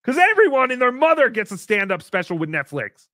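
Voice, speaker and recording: Man playing a bratty puppet host: high swooping voice, crude sarcastic stream banter, dry close sound. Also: big pitch swings, fairly quick, sharp tone, no echo, exaggerated voice. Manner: sarcastic, crude, mock-outraged asides. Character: brash foul-mouthed male puppet show host. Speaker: livestream host reading paid messages. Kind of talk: live-stream character chat.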